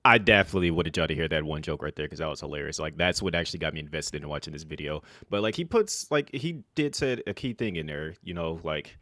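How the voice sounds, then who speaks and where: A man talking casually to camera as a vlogger, in a flat, monotone, rambling way. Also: extremely low pitch, fast talker, few pauses, dry recording, clean studio sound. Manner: self-described monotone, relaxed and rambling with fillers.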